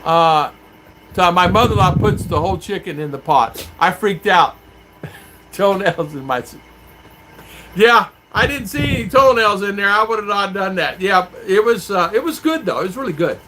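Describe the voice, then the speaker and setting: The audio is poor, and a clear clicking noise sits under the voice of this American man streaming from his home in the Philippines. The vlogger's tone is high, pushed and bright, expressive at a moderate pace, as he reads viewer comments and rambles through answers.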